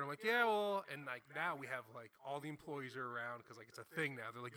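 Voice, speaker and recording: A man's voice: medium pitch, animated, fairly quick, sharp tone. A young man from New Jersey, a comedian guest telling a story in a laid-back, swearing, casual way. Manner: laid-back, swearing, laughs often while telling stories.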